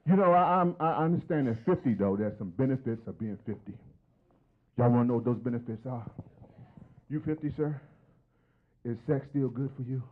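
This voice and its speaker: A man's voice: mid-range voice, moderate pace, long pauses, phone-quality sound. A man in his fifties doing a stand-up comedy set on stage, chatty and teasing the crowd with questions. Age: 50s.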